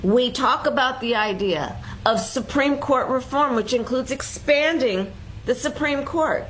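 High-voiced woman giving a political speech. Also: measured pace, a little hiss or hum, poor audio. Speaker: politician in an archive clip.

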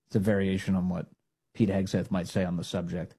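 A man hosting a talk radio show, giving animated, sarcastic and emphatic opinion commentary. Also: low voice, a little fast, creaky, husky.

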